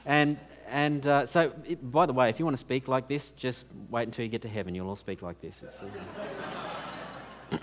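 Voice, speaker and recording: A man's voice: mid-range voice, animated, moderate pace, slight background noise. A man with a non-American accent giving an earnest teaching talk at a church conference, full of rhetorical questions and filler words. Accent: foreign to America. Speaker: conference speaker.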